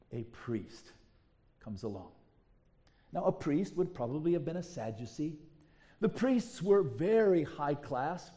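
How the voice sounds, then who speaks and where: Male pastor, high and mellow voice, lively storyteller delivering a sermon. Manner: animated storytelling with rhetorical questions.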